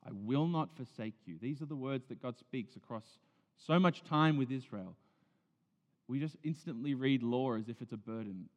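A male pastor preaching a sermon earnestly, moving between loud emphasis and hushed, near-whispered lines. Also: mid-range voice, moderate pace. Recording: dull sound in a big reverberant hall.

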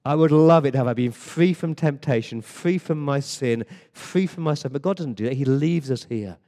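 A man's voice: mid-range voice, moderate pace, warm tone, big-room sound. An English man preaching a sermon in a church, emphatic, with rhetorical questions and frequent word repeats. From England. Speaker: pastor. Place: church service.

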